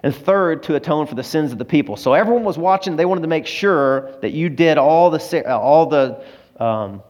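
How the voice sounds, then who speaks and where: A male pastor delivering a sermon in a fairly high voice. He shifts between forceful, emphatic lines and quiet, low passages. He sounds moved, almost to tears. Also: normal speed. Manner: expressive, swings between loud emphasis and hushed low delivery; emotional, close to tears.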